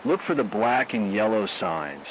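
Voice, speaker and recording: A man voicing a woman military major who calls in to a radio station and gives steady, official instructions in a radio drama. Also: lowish voice, unhurried, slight background noise, low-quality recording. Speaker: caller.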